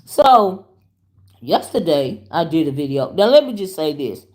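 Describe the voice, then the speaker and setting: A woman with a deep voice speaks unhurriedly as a YouTube commentary host, chatting animatedly with viewers while telling a story on her vlog. Her casual storytelling is lively and chatty, and she calls her audience "y'all" and "child."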